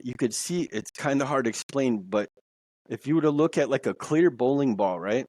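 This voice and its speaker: A man's voice: medium pitch, animated, moderate pace, darkish tone, dry recording. A man telling a personal story as a podcast guest, rambling and repeating words as he goes. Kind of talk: casual storytelling. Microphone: podcast mic.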